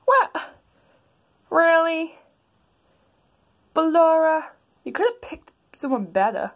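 A woman voicing a bossy goat mother plush toy who scolds her son in a shrill voice. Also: big pitch swings, unhurried, highs cut off, full character voice. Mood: shocked scolding.

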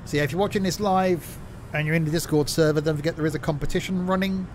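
A joking, chatty man talking over his train simulator game on a live stream. His voice sits a little high for a man. A faint hiss of noise runs under the recording. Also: steady tone, quick pace, a little mellow. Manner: joking, chatty, banters with chat. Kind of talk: casual live-stream chat while playing.

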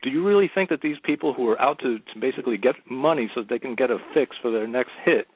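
A man's voice: medium pitch, expressive, quick pace, husky, no room sound. A man hosting a political talk radio show, speaking emphatically and often repeating himself. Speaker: radio host. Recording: phone line.

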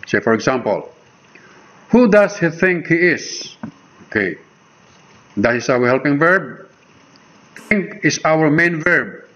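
A man with a Filipino accent teaching English grammar, explaining step by step and pausing on "okay" between points. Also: fairly high pitch, fairly bright tone. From Philippines. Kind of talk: slow explanatory grammar lesson. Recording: dull lo-fi sound.

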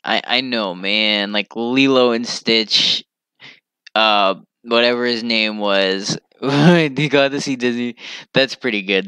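Young man, casual rant, bright clear voice, dry close sound, unhurried, swears a lot. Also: mid-range voice, dry recording. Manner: animated, swearing, loose and rambling. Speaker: vlogger.

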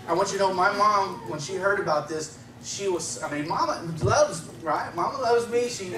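A man's voice: sits high, animated, takes it slowly, long pauses, recorded from a distance, a crowd in the background. Man telling testimony in an echoey church. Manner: conversational storytelling with frequent chuckles. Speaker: guest giving testimony.

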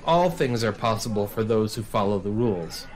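A man's voice: fairly low pitch, animated, moderate pace. A man hosting a scripted comedy sketch about model cars, talking in a theatrical, preachy big-brother manner. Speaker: host.

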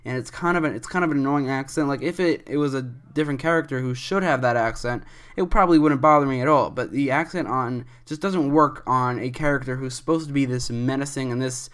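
A man's voice: mid-range voice, fairly quick, a bit bright, clean tone. A young man hosting a commentary video, giving rambling, opinionated takes with frequent restarts.

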